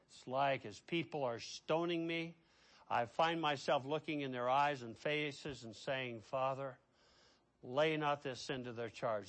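A middle-aged man preaching a sermon as pastor. He swings between hushed, quiet passages and loud, impassioned ones. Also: medium pitch, a little slow.

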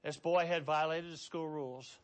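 A man's voice: on the high side, fairly even intonation, moderate pace. Impassioned male pastor preaching. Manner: impassioned preaching, swinging between hushed and loud. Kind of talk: sermon.

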